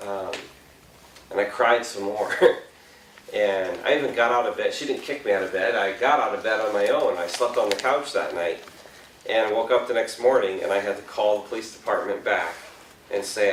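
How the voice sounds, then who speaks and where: Speaking at a moderate pace in a lowish voice, a middle-aged youth confirmation speaker tells stories to a youth group, chuckling frequently, joking at his own expense, and questioning his listeners. The recording carries a little hiss or hum, and he sounds distant in an echoey room.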